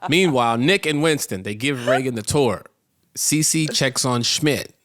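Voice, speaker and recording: A man co-hosting a casual rewatch podcast, recapping episodes, laughing often and jumping up in pitch to act out characters. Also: measured pace, a bit bright. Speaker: podcast co-host.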